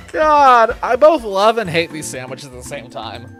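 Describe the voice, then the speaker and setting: Bright-voiced man streaming a game. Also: high voice. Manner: joking, rambling, laughs often. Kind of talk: casual gaming livestream chat.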